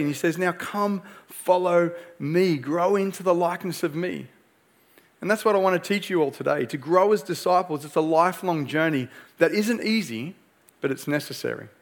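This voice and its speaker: Earnest man preaching a sermon. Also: high-pitched. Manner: earnest, conversational preaching with rhetorical "right?". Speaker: pastor.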